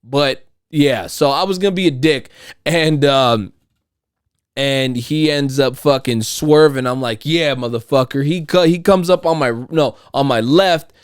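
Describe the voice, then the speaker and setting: A man hosting his own podcast from home, talking in a rambling, profane way and getting loud and riled up when he rants. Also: a little high, measured pace, clear, resonant tone, no echo, clean studio sound. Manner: profane, rambling, repeats and restarts. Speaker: podcast host. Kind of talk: casual monologue. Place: at home, household noise nearby.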